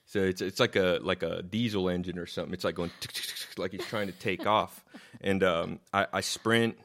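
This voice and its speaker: Deep-voiced man telling a story. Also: a little fast. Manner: animated, swears, repeats words when excited. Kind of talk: casual storytelling. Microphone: own microphone.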